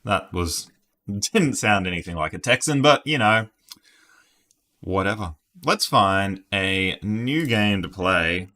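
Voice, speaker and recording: Slow, low-voiced streamer. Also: male voice, lively intonation, pushed and bright. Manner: chatty, thinks aloud, laughs at himself. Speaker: streamer playing word games. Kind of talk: casual live-stream commentary.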